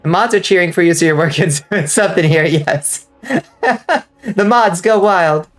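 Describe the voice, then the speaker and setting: A woman streaming a game live, chatting casually and rambling with lots of fillers, now and then breaking into excited outbursts. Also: fairly low pitch, a little slow. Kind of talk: casual livestream chat while gaming.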